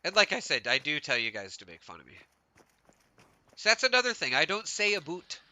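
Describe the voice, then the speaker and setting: Male game streamer from Canada, rambling casual chatter, voice on the high side, very bright tone. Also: wildly swooping pitch, brisk. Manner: rambling, laughs often, heavy use of "like". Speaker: gaming streamer. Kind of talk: casual chat while live-streaming a game.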